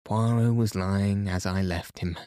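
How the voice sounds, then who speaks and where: A man narrating a bedtime story for a sleep podcast in a soft, calm, steady manner. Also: low-pitched, unhurried, dry recording, clean studio sound.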